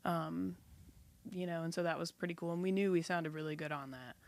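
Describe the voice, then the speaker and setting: Gravelly, low-voiced woman chatting. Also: steady tone, brisk. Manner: enthusiastic, chatty. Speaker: guest musician. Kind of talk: casual podcast conversation.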